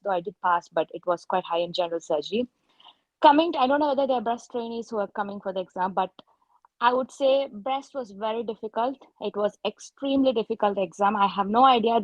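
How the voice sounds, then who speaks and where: A woman's voice: mid-range voice, no echo, muffled recording. A woman surgeon candidly recounting her exam experiences at an informal online meet-up, often correcting herself mid-sentence. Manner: candid anecdotal storytelling, frequent self-corrections.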